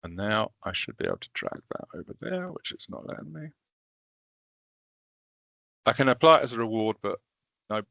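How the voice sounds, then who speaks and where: A man leading a recorded training session, walking through teaching software step by step in a casual, self-deprecating way. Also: lowish voice, very animated, moderate pace, vocal fry, pauses often, dry recording.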